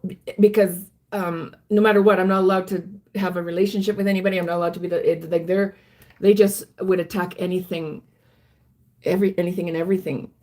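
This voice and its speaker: A woman recounting her own past in a halting, earnest personal story, with frequent restarts. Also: lowish voice, flat delivery, a little mellow. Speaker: vlogger recounting her life.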